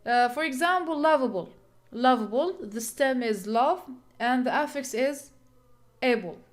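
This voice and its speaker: A woman's voice: sits high, lively intonation, unhurried. A woman teaching an English pronunciation lesson, explaining and demonstrating word stress step by step.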